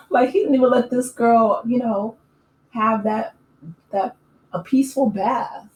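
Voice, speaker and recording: A woman hosting a casual recap channel, chatting in an opinionated way with lots of fillers and quick laughs. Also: on the high side, a little mellow. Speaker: YouTube recap host. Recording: echoey room with faint ambient noise.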